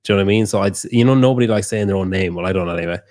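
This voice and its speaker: Casting: young Irish man, deep-ish, casual rambling talker, dry sound. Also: rapid-fire, a little mellow, no echo. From Ireland. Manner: rambling, swears freely, laughs often. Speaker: guest. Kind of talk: casual chat.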